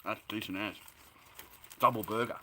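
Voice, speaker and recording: Australian bloke vlogging, rambling and chatty, bright tone, easy laugh. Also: male voice, on the low side, fairly even intonation, moderate pace, slight background noise. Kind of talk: casual chat to camera.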